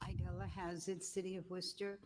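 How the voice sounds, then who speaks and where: A woman giving public comment at a council meeting, halting with fillers and restarts. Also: fairly low pitch, flat delivery, noisy background.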